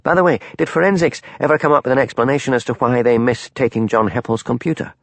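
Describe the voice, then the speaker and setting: A man reading as a calm, probing village policeman. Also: mid-range voice, fast, vocal fry, no room sound.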